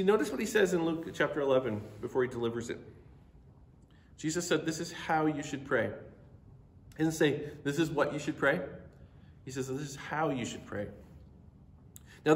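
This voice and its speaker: A man's voice: fairly high pitch, roomy sound. A middle-aged man preaching a sermon, teaching earnestly and building in intensity as he goes. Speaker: pastor.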